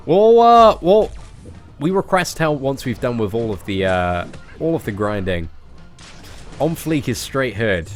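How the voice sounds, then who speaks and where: A man's voice: medium pitch, big pitch swings, unhurried, soft background music. A British man streaming a game live, chatting casually with viewers in a playful, joking way and laughing often.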